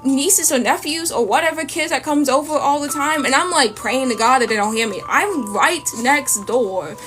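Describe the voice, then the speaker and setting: A woman's voice: high voice, moderate pace, fairly bright tone, poor audio. A young woman streamer chatting casually while she draws, rambling through a story and acting out the voices of the people in it. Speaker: art streamer. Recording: faint lofi music behind. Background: faint lofi music.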